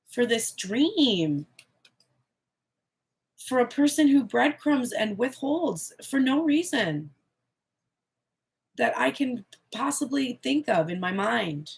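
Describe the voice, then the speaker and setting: A woman with a gravelly, slightly husky voice gives a channeled tarot reading. She talks candidly and expressively, cursing without holding back. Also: a little high. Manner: candid, expressive, swears freely. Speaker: tarot reader.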